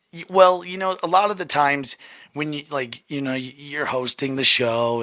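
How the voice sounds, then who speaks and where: A man's voice: medium pitch, pushed and bright, no room sound. A man hosting a casual podcast chat, rambling with lots of restarts and swearing, his voice worn out. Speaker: podcast host.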